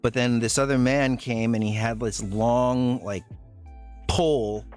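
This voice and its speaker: A man streaming live, telling a story to his chat in a rambling, halting way, full of fillers and restarts. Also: mid-range voice, steady tone, darkish tone, soft background music.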